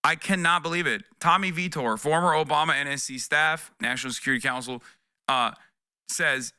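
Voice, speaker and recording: A man's voice: fairly high pitch, a little fast, bright, forceful tone, clear, resonant tone, no echo, studio quality. A man streaming live reaction commentary, talking in a profane, sarcastic and exasperated way. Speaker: political streamer.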